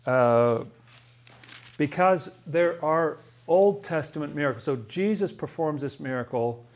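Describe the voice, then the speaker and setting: Man teaching a musing Bible study. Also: mid-range voice. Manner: thoughtful, musing, with frequent restarts and rhetorical questions.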